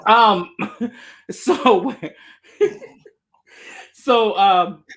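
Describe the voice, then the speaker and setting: A podcast host in casual chat, talking in an animated, emphatic and ranting way. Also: mid-range voice, extremely slow.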